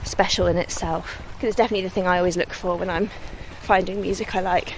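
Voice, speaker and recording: A young West Midlands singer-songwriter talks modestly and laughs easily in a casual interview on a countryside walk. Her voice is fairly low and steady with a quick pace. There's a little hiss or hum, plus faint outdoor ambience and distant vehicles.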